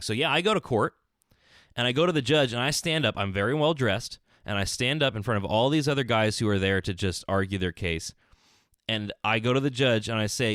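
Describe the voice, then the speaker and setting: A man hosting a solo podcast from a small closet, telling stories in an animated, exasperated rant. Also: on the low side, dry recording, clean studio sound. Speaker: podcast host. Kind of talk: solo ranting podcast monologue.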